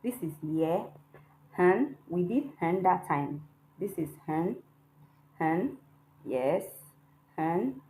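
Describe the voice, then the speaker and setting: Female teacher for a beginners' lesson, unhurried and patient, checks in with listeners often, light noise behind. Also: fairly low pitch, lively intonation, dark tone, poor audio. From Nigeria. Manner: patient, checks in with frequent "hmm?". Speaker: Chinese language teacher. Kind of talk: online lesson, explaining while writing characters.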